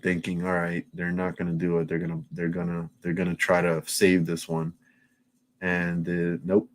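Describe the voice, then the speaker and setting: Low-voiced man rambling on a live stream. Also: a little mellow. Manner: loose, profane, rambling with restarts. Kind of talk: casual live-stream chat.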